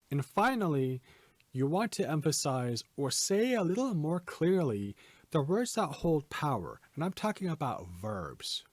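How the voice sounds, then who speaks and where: A man hosting a podcast lesson, giving presentation tips in a clear, emphatic, teacherly way. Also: mid-range voice, no echo.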